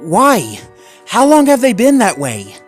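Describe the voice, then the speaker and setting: A man voicing a young female husky pup who talks in a worried, shivering way while reading a horror story aloud. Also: fairly high pitch, animated, measured pace, darkish tone, soft background music, voice pushed up. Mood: alarmed.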